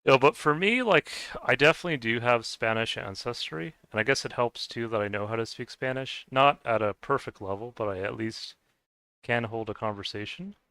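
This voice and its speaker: A man's voice: mid-range voice, a little fast, bright, forceful tone, clear, resonant tone, no room sound. A man streaming a game and chatting casually, rambling and hesitant, with many fillers, restarts and frequent laughs. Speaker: gaming streamer. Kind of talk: casual chat while playing a game. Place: lives in the US.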